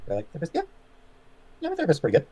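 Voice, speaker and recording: A man chatting as a livestream guest, answering viewer comments in a halting way with many fillers and trailing off quietly. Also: on the high side, wildly swooping pitch. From Canada. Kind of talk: casual chat reading viewer comments.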